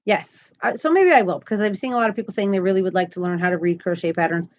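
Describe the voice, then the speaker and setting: A woman's voice: medium pitch, quick pace, darkish tone, muffled recording. A woman hosting a crochet live stream, chatting casually and upbeat, often laughing as she talks. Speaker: crochet channel host.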